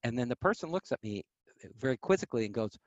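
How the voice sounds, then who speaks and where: A man telling stories as an interview guest, animated, acting out quoted voices. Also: mid-range voice, fast talker, no echo, muffled recording. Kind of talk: casual storytelling.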